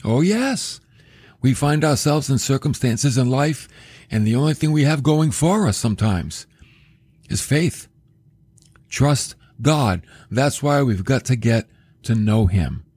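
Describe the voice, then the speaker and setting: A male podcast preacher teaching Scripture in an animated sermon style, often turning to ask the listener questions. His voice is husky and moves through a wide range of pitch. The recording is dry and close, with no room sound. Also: unhurried, no echo.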